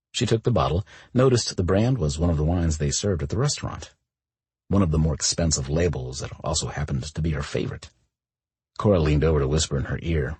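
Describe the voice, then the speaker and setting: A male audiobook narrator with a low, very breathy and husky voice. His reading is expressive, with wide, lively swings in pitch. The recording is close and dry. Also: fairly quick, no room sound.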